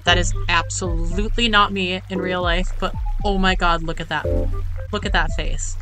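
A woman giving casual, excitable commentary while playing a game, often gushing over the characters. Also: fairly low pitch, normal speed. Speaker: let's play host. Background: game music.

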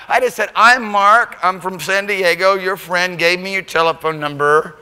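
A man preaching a church sermon, telling a story and building to shouted climaxes. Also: high voice, a little fast, few pauses, clear, resonant tone. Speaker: pastor. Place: church sanctuary. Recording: church hall reverb.

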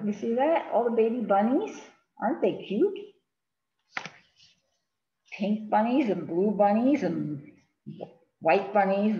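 A woman, a children's librarian, reading picture books aloud to kids and chatting as she handles the pages. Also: mid-range voice. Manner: chatty, sing-song, fussing with the book on camera. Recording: roomy, dull lo-fi with faint hiss.

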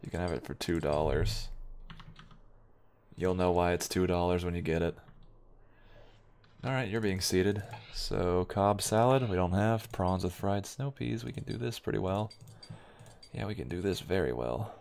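Young male gaming host, deep and gravelly, dry offhand muttering over keyboard clicks. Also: a little slow, pauses often, darkish tone, slight background noise. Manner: offhand, wry muttering while playing. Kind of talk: let's play commentary.

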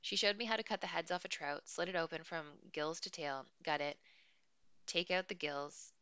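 A woman reads a novel aloud in an expressive, dry first-person style. Her voice sits low but sounds bright and smooth. It is close and dry, with no room around it. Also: moderate pace, dry recording. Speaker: audiobook reader.

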